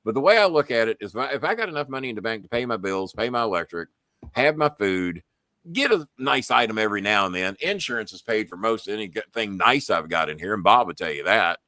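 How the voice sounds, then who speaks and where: A man's voice: fairly low pitch, sing-song, quick pace, sharp tone, no echo. A middle-aged man, hosting a casual show and telling blunt stories full of swearing. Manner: blunt, heavy swearing, storytelling. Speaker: show host. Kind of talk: casual live-show chat.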